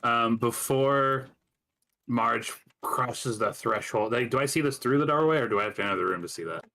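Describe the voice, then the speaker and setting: A man's voice: medium pitch, normal speed, vocal fry, bright, forceful tone. A man playing a tabletop game, asking lots of curious questions with many "like"s. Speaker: player. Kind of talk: casual tabletop game chat.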